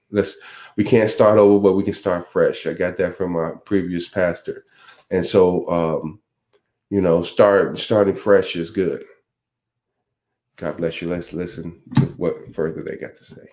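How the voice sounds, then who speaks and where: A man with a very low voice speaks slowly and unhurriedly. He is a podcast host sharing faith-based reflections. He talks in a folksy, preacherly way, full of ums and restarts. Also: steady tone, a little mellow. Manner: slow, folksy, preacherly with many fillers.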